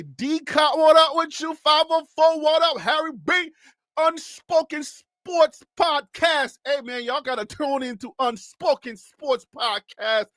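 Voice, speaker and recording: High-voiced Liberian man hyping a stream. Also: no room sound, studio quality. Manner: energetic, fast-talking, hyped. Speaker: sports talk show host. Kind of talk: casual live-stream chat with shout-outs.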